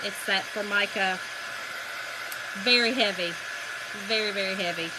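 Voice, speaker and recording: A woman with a Southern US accent hosts a crafting livestream, speaking at a medium pitch and a measured pace over very noisy audio. She chats casually with viewers, calling them y'all, and tells stories as she goes.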